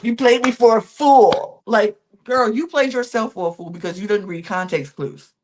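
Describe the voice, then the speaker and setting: A young woman co-hosting a casual reality TV recap podcast, talking in an animated, sassy, slangy way and often restarting her sentences. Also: fairly high pitch, moderate pace. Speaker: podcast co-host.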